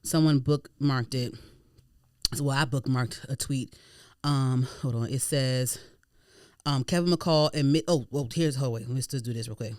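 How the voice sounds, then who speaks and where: A woman hosting a podcast in casual chat, animated and slangy, swearing freely. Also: very deep voice, measured pace, no room sound, studio quality. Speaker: podcast host.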